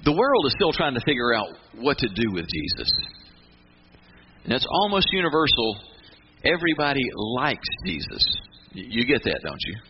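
A man preaching a sermon, emphatic, stressing his points with restarts and slow dramatic pauses. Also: medium pitch, huge pitch swings. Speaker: pastor. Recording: muffled with noticeable background noise.

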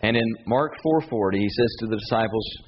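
A man preaching a sermon, telling a story with animated swings between high emphatic bursts and low intense asides. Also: brisk. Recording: dull lo-fi sound with faint hiss.

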